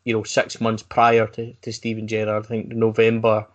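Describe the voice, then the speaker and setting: A man hosting a podcast, talking in a casual, halting way with fillers. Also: fairly low pitch, completely flat delivery. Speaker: podcast host. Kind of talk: casual chat.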